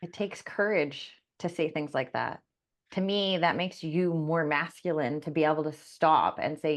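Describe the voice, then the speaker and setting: A woman's voice: low-pitched, fairly even intonation, moderate pace. A woman co-hosting a podcast, speaking candidly and confessionally in casual conversation. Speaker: podcast co-host.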